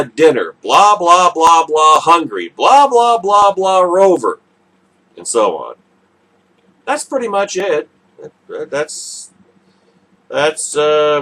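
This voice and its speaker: A male radio host drawls through a sarcastic political monologue at an unhurried pace. His voice is husky and sits a little high, and it swings widely in pitch as he mocks his targets. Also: a bit bright. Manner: sarcastic, mocking.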